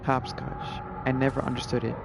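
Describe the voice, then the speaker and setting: A man's voice: mid-range voice, flat delivery, normal speed, gravelly. A man streaming a game live, rambling casually and laid-back, with lots of "like" and "you know". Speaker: gaming streamer. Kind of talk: casual live gameplay commentary. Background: game music.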